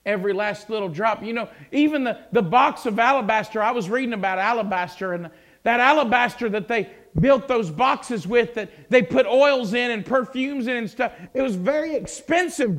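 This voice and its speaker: A male preacher telling a Bible story, repeating words as he builds to fervent shouting. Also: very high voice, expressive, moderate pace. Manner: stammering repetitions, swelling into fervent shouts. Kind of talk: sermon.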